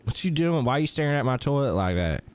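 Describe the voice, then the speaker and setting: A man's voice: mid-range voice, big pitch swings, quick pace, smooth. A man with a mid-range voice hosts a live role-play stream. He jokes, teases his friends and laughs a lot in easy, casual banter. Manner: laughing, teasing, showing off.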